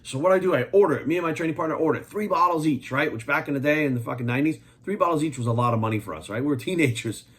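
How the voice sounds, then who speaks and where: A man in his forties, a fitness coach, ranting bluntly and profanely to his viewers. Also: fairly high pitch. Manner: rapid, pushy, talks straight at viewers. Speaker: fitness coach and supplement maker. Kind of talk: ranting monologue to camera.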